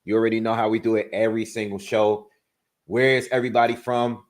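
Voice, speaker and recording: A man hosting a casual boxing livestream, reading out where his viewers are from in quick bursts and thinking aloud as he gives his predictions. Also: lowish voice, level tone.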